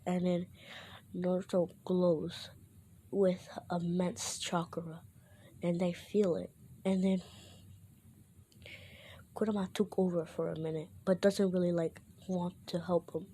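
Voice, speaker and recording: A woman's voice: lowish voice, little pitch movement, slow pace, long pauses, dark tone, slight background noise. A woman casually retelling a fan story, rambling and often correcting herself.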